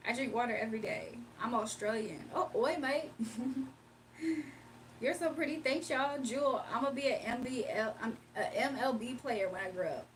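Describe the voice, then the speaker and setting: A woman from Virginia, United States, hosts a late-night livestream, chatting casually in laid-back slang, reading comments aloud and laughing often. Her slightly high, somewhat bright voice is recorded from a distance in low quality with slight background noise.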